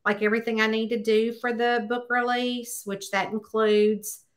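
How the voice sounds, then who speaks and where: A middle-aged woman author chatting casually, telling stories and acting out the people in them with lively quoted voices. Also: moderate pace. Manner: animated storyteller, acts out quotes in a high voice. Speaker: mystery author, host. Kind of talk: casual chat.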